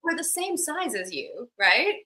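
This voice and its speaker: A woman from Australia whose speech has settled into an American accent, with traces of home slipping through. Her tone is bright and forward. She chats animatedly as a podcast guest, with many fillers along the way. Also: high voice, a little slow, low-quality recording. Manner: animated, chatty, lots of fillers. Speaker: guest, actor and content creator. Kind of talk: casual podcast chat.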